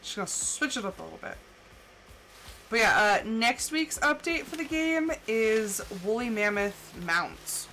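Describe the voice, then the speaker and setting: Between bits of gameplay on a casual live stream, a woman chats with her viewers, laughing and telling stories complete with animated voices for the people she quotes. She speaks unhurriedly in a fairly high voice, with faint music behind her.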